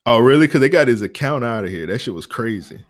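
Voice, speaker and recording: A man hosting a casual podcast, his voice sitting at an ordinary middle pitch. He rambles through stories in heavy slang and breaks into laughter as he goes. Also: lively intonation, fast. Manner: loose storytelling, laughs often, slangy. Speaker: podcast co-host.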